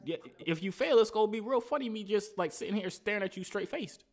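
A man's voice: high-pitched, animated, fast. A man hosting a casual video chat, teasing and trash-talking strangers. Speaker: video host.

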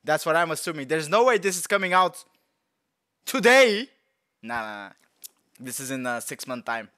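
Excitable young man. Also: fairly high pitch, moderate pace. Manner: excitable, slangy, rambling, bursts into shouts and laughs. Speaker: trailer reaction vlogger. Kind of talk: casual reaction commentary.

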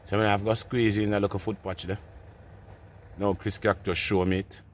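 Recorded on a phone as he walks a nighttime street, a Jamaican-accented vlogger rambles through a casual monologue, laughing and speaking patois. His voice is fairly low with little pitch movement, at normal speed, over slight background noise.

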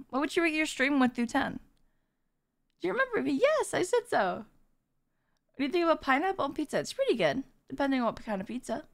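Give me a bubbly woman streamer with a high, bouncy voice thanking her chat. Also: fairly bright tone. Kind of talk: live stream chat with viewers.

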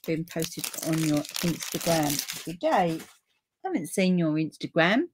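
A middle-aged woman with a British accent hosting a relaxed live papercraft stream, chatting to viewers and easily delighted. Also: low voice, unhurried, slightly rough. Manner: chatty and easily delighted, with frequent gasps and laughs.

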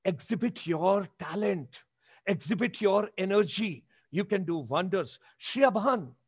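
His voice is high and husky, animated yet a little slow, as this Indian-accented man in his seventies pushes listeners with repeated, emphatic exhortations. It's a motivational webinar over a video call, recorded at studio quality with no echo.

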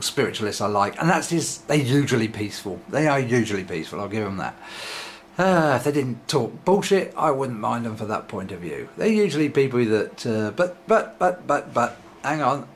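A man rants sarcastically into the camera, swearing freely and wandering from point to point. His pitch jumps up and down a lot as he talks. A faint hiss of noise sits under the voice. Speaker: vlogger. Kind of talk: ranting monologue.

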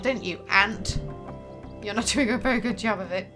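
A woman's voice: medium pitch, normal speed, over music. A young woman commenting over a video game let's play, irreverent and joking, swearing casually. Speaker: gaming channel host.

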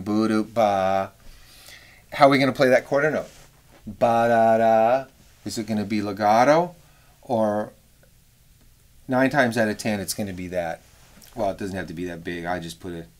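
A man's voice: fairly low pitch, fairly even intonation, fairly quick. A middle-aged man teaching horn arranging in a casual, rambling way, now and then singing rhythms in scat syllables. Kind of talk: casual instructional talk.

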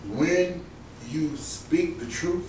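A man with a Southern US accent preaching a sermon. He swings from low asides to loud shouting and chuckles now and then. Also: very slow, slight background noise. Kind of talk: fiery sermon. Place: church sanctuary. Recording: echoey church from far off.

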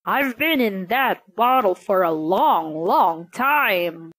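A woman's voice: medium pitch, lively intonation, takes it slowly, fairly bright tone, no echo. A woman doing a big growling hungry genie. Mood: grumbling. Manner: growling, snapping. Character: huge hungry grumpy male genie.

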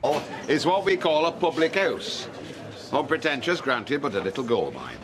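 A pompous, booming older landlord, holding forth in a TV soap. His pitch swoops up and down through every grand phrase, with a faint hiss underneath. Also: sing-song, normal speed. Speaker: pub landlord. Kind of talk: TV soap drama acting.

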